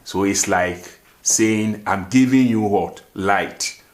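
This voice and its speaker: Speaking slowly in a lowish voice, a man hosts a language lesson that is slow and repetitive. He repeats phrases and keeps asking "what?" rhetorically before revealing the answer.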